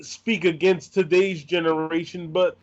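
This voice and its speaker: A man's voice: a little high, flat delivery, measured pace, dull audio. A man in his thirties hosting an interview, eager and outspoken, gushing as a fan. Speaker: interviewer and channel host.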